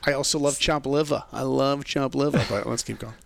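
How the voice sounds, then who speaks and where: A man being interviewed on a podcast, telling stories in a lively way and acting out the voices of people he quotes. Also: medium pitch, brisk, vocal fry, no echo. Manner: animated storyteller who acts out quoted voices. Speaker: podcast guest. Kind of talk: casual storytelling interview.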